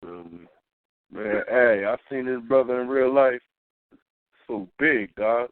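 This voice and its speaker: A man's voice: medium pitch, slow pace, no room sound. A man co-hosting a casual talk radio show, telling stories and acting out what people said. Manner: storytelling, acts out quotes, slangy. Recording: tinny phone line.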